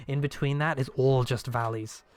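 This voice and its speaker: Guy doing a big burly ale drinker in a tavern, folksy and rambly, mid pitch. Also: fairly even intonation, normal speed, a little mellow, close to an everyday voice. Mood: friendly.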